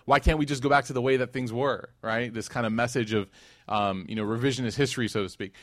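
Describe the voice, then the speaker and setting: A man teaching a religious class tells the story conversationally, with plenty of "like" and "you know" along the way. He acts out the quoted lines dramatically. His mid-pitched voice is recorded dry and close. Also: fairly bright tone, dry recording. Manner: conversational, with many fillers and restarts.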